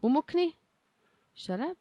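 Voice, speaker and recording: A woman co-hosting a podcast in casual chat, teasing and quick to laugh. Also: sits high, big pitch swings, warm tone, no room sound, dull audio. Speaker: podcast co-host.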